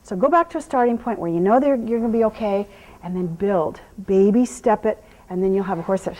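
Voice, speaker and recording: A middle-aged woman horse trainer explaining groundwork outdoors, calmly talking viewers through each step and praising the horse. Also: medium pitch, brisk, rough recording. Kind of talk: instructional clinic talk while working a horse.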